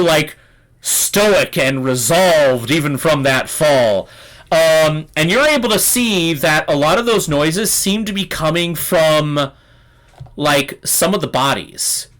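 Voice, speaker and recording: A man's voice: fairly high pitch, lively intonation, slow pace, fairly bright tone, low-quality recording. A man running a tabletop game as game master, narrating in a loose way with many fillers.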